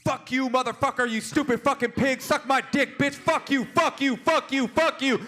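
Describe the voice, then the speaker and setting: A man's voice: extremely high pitch, fairly even intonation, moderate pace, pushed and bright, pitched above the performer's own voice. A man voicing a furious deaf man who hurls profanity at the police. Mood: enraged. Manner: screaming profanity.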